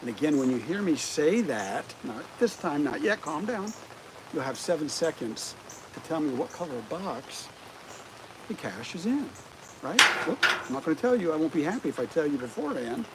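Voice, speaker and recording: Livestream host, man, middle-aged, high-set voice that bounces around, chatty with viewers. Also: normal speed. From United States. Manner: animated, keeps asking the viewers rhetorical questions. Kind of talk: casual livestream chat. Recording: rain noise clearly audible outdoors.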